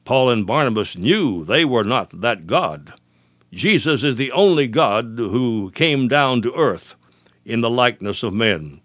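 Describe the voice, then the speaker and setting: A man preaching a broadcast sermon, leaning on key phrases by slowing down and repeating them. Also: mid-range voice, expressive, fairly bright tone, dry recording, clean studio sound. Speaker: radio preacher.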